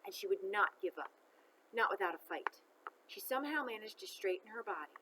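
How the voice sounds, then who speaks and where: A woman reading a children's novel aloud, expressive and chatting to listeners between chapters. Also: medium pitch, a little fast, noisy background.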